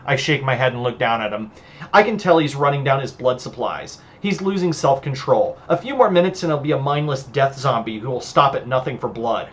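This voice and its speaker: A woman's voice: very deep voice, expressive, normal speed. Sardonic woman reading her own novel. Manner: sardonic, punchy first-person delivery.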